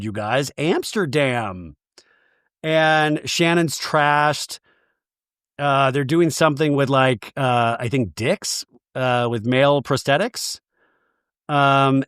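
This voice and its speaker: Recapping a reality show on his podcast, this man speaks with a high, clean voice and plenty of comic energy. He curses and mimics the cast in over-the-top voices. It's studio quality, with no echo.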